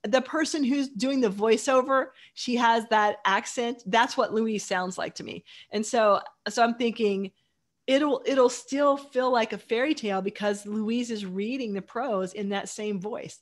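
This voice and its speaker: A woman's voice: fairly high pitch, measured pace. A woman author as a guest, chatting casually and enthusiastically in long run-on sentences. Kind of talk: casual chat.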